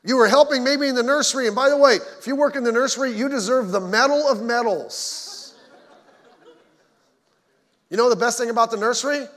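A man's voice: very high-pitched, fairly quick, pauses often, a bit bright. A man preaching a conversational sermon as pastor, folksy, with joking asides to the congregation. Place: church sanctuary. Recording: long hall reverb.

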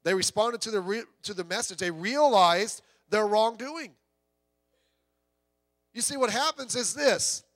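High-voiced male pastor preaching conversationally. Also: a little slow, long pauses, fairly bright tone, no echo. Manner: conversational preaching with asides and rhetorical questions. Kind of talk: sermon.

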